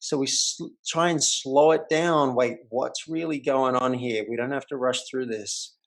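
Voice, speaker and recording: A man's voice: mid-range voice, unhurried. A man, a life coach, telling a story as the guest in a casual remote interview. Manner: animated, vivid storyteller. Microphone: remote call.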